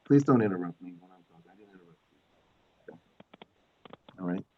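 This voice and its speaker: A man's voice: sits low, expressive, brisk, highs cut off, a little hiss or hum. A man speaking as a landlord at a public hearing over a video call, defensive and repetitive. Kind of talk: public meeting testimony.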